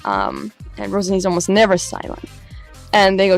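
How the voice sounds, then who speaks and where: A woman vlogger tells a story in a lively, dramatic way, speaking casually to her viewers. Her voice sits at a middle pitch. Faint music plays quietly behind her. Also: brisk, creaky. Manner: animated, dramatic retelling with laughs. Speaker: LARP vlogger.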